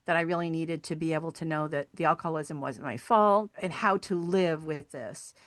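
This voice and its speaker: Earnest woman telling stories, lowish voice. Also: normal speed, no room sound. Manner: earnest, animated storyteller acting out quoted voices. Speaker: podcast guest, sculptor and hiking group founder. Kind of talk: conversational storytelling interview.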